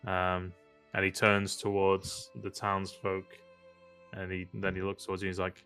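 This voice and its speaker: A man narrating a tabletop game, his voice sitting low. He is easygoing, with frequent "um"s and laughs. Quiet music plays underneath. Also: normal speed, smooth. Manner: relaxed, laughing, many fillers. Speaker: game master.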